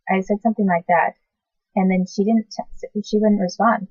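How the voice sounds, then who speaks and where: A woman in her forties recalling the past in a casual, halting way, often stopping to correct herself and search for words. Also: fairly low pitch, level tone, darkish tone, no echo. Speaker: recalling past babysitting work. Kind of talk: casual personal recollection to camera. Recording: dull lo-fi sound.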